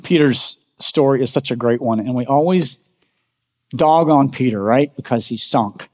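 Man preaching in a reverberant hall. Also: normal speed. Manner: dramatic, swings from loud emphatic bursts to low quiet lines; asks the congregation rhetorical questions. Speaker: pastor. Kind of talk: sermon. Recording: long reverb of a large hall.

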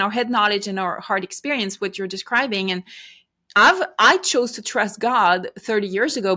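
A woman's voice: mid-range voice, fairly bright tone. A middle-aged woman speaking as a guest in a faith interview, reflective and earnest, often restarting her sentences.

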